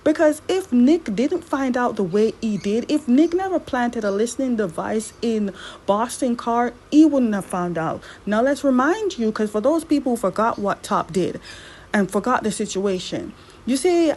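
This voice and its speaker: A woman recapping a TV drama episode in casual commentary, animated and exasperated, her voice jumping up high when worked up. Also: low-quality recording. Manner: animated, exasperated, swings up in pitch.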